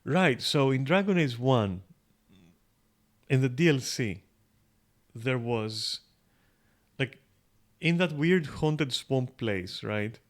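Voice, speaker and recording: A man's voice: medium pitch, expressive, slow pace, pauses often. Rambling, swearing male game streamer. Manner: rambling, swears freely, thinks aloud with many fillers. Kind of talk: casual gameplay commentary.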